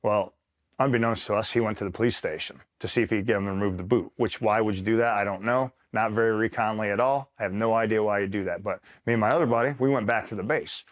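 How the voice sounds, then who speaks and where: With a fairly low voice and a quick pace, a retired Marine from upstate New York tells a meandering, profanity-laced war-buddy story as an interview guest, repeatedly checking in with whoever is listening.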